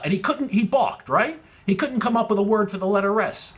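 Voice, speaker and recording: A man's voice: high voice, fairly quick, hardly any pauses. A man telling a comic story in stand-up style, full of wordplay and building to punchlines. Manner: wordplay-heavy, rising excitement in punchlines. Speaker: comedian.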